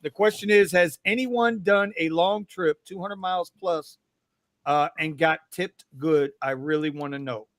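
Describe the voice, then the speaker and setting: Man, slightly high voice, laid-back host, dry close sound. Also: measured pace, fairly bright tone, no room sound. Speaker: live show host. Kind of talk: casual chat on a live stream.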